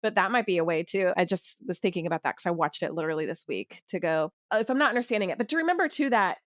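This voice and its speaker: A woman hosting a podcast, telling stories in an animated, chatty way and laughing often. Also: fairly low pitch, rapid-fire, no room sound, clean studio sound. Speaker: podcast host. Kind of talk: conversational interview.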